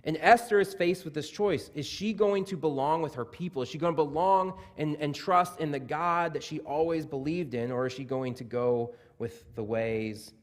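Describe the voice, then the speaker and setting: A man in his thirties preaching a sermon, telling a story with quick asides and dropping his voice soft and low for emphasis. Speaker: pastor. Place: church sanctuary.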